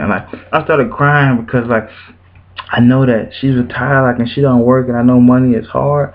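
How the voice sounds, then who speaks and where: A young man vlogging, telling a personal church story with emotion, animated and repetitive, his voice leaping high when he quotes people. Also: brisk, dull audio. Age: young adult.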